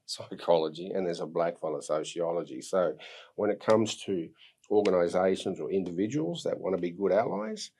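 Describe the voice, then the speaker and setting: A man in his sixties with an Australian accent, an earnest podcast guest telling personal stories, reflective, with soft laughs. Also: low voice, breathy edge. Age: 60s. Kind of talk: personal storytelling.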